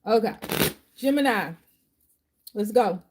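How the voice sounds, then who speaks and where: A woman's voice: on the high side, expressive, slow pace, noisy background. A woman giving a live tarot reading, emotional and emphatic, chatting with viewers. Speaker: tarot reader and life coach.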